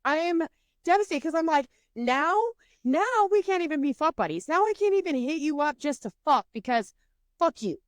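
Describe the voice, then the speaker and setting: Young woman, podcast co-host, swearing a lot, lively storytelling, fairly high voice, dry close sound. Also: normal speed, no echo. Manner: profane, animated storytelling with lots of fillers. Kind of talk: casual storytelling chat.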